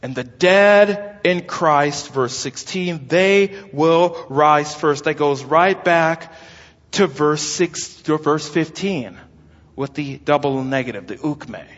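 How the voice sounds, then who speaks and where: A man's voice: on the high side, takes it slowly, fairly bright tone. A man preaching an expository sermon, emphatic and exclaiming as he explains a text. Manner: emphatic, exclaims and stretches words. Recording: lo-fi with long hall reverb.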